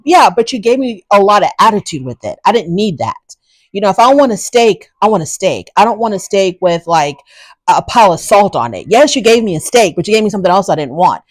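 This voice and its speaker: A woman's voice: mid-range voice, lively intonation, brisk, no echo. A woman hosting a casual recap show, giving frank, opinionated commentary in a chatty way. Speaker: reality show recap host.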